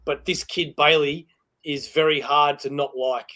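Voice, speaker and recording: Co-hosting a laid-back live chat podcast, this Australian man speaks in a notably high voice without hurrying. His delivery comes in excited, meandering bursts, punctuated by frequent self-directed laughter.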